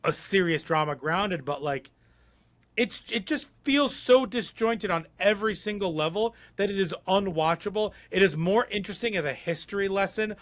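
A man's voice: high-pitched, moderate pace, fairly bright tone. A man co-hosting a podcast in casual chat, talking bluntly and rambling with lots of fillers. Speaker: podcast co-host.

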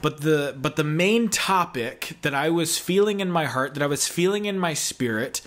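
A man in his thirties gives a relaxed video sermon. He talks in a chatty, self-deprecating way and cracks jokes as he goes. His voice sits a little high for a man. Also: moderate pace. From American South. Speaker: guest pastor.

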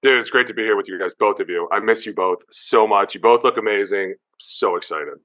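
Fast, bright, animated man telling stories. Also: fairly low pitch. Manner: animated, acts out quotes, many "like" and "dude". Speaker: guest, former pro football player. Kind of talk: excited casual interview storytelling.

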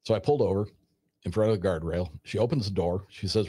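Deep-voiced man telling a story casually. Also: fast talker, husky. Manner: rambling, animated retelling with quoted dialogue. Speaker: storyteller guest.

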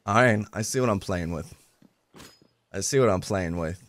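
A young man giving excitable, joking commentary over his own gameplay, making gun sound effects and yelling when surprised. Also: sits low, moderate pace, a little hiss or hum. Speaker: gaming YouTuber.

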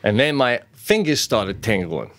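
A middle-aged man co-hosting a casual podcast chat, telling stories with loud acted-out quotes and plenty of swearing. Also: medium pitch, measured pace. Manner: animated storyteller, acts out loud quotes, swears freely. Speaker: podcast co-host. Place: home studio.

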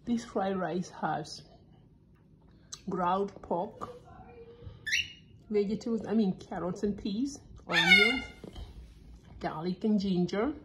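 A woman's voice: big pitch swings, slow, long pauses. Chatty mother in a noisy kitchen. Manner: chatty, talks to the bird in a high sing-song. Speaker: mother filming family pets. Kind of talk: casual home vlog. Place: home kitchen.

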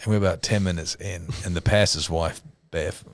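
Deep-voiced older Australian man telling a story. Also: normal speed, vocal fry, dry recording, soft background music. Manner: animated, acts out voices, laughs often. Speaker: pastor and show co-host. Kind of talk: casual storytelling chat.

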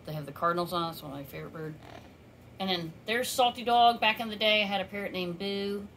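A woman chatting in a casual home vlog from her condo, rambling along and cooing in a high baby voice to her pet bird. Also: quick pace, a bit bright, slight background noise. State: out of breath. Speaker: vlogger with a pet parrot.

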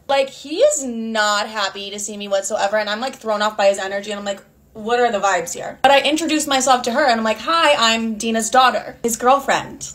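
A young woman with a slightly high voice recounts a personal storytime. She talks in a chatty, unfiltered way, swearing freely and filling her sentences with "like". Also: brisk, fairly bright tone. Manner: chatty, candid and profane, heavy use of "like". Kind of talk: casual storytime.

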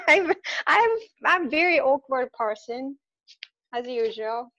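A woman poet with a Japanese accent reading her poems aloud, measured and a little self-deprecating. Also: sits high, lively intonation, bright, forceful tone, lo-fi sound. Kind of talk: poetry reading.

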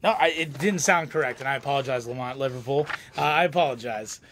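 A man's voice: medium pitch, quick pace, a bit bright, slight background noise. A man hosting a live autograph signing stream in casual chat, laughing and joking often.

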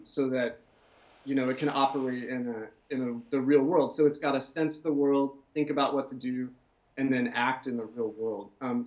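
Author guy musing out loud, kinda high voice, dull lo-fi sound. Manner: thoughtful, with fillers and restarts. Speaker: author guest. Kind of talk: casual interview answer.

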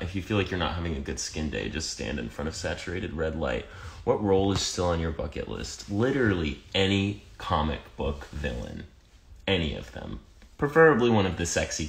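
A man's voice: sits low, creaky, slight background noise. A man with an American accent, reading fan comments aloud on a phone livestream and answering them in a wry, teasing way. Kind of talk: casual livestream Q&A.

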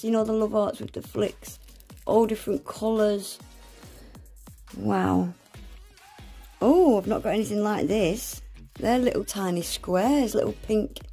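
A woman's voice: medium pitch, mellow, husky. A woman unboxing nail art supplies in a gushing, exclamatory manner, often gasping. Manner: gushing, exclamatory, lots of gasps and "oh my gosh". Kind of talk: unboxing vlog, casual chat.

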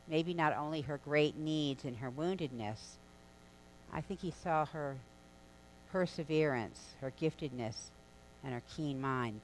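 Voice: mid-range voice, poor audio. A preacher delivering a sermon in an easy, conversational way, weaving the story along with casual asides. The voice sits in a middle register. A faint electrical hum runs underneath. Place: church sanctuary.

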